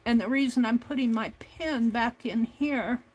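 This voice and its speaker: A woman's voice: fairly high pitch, unhurried, husky. A woman hosting a craft livestream, talking herself through each step at her home desk. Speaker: craft channel host. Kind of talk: casual crafting livestream narration.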